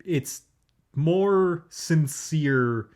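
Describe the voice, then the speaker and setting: A man's voice: on the high side, lively intonation, extremely slow, a little mellow. A man co-hosting a podcast, chatting casually about a movie he just saw, opinionated and loose, with lots of "like" and "um". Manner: chatty and opinionated, many fillers like "like" and "um". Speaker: podcast co-host. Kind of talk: casual chat, movie review.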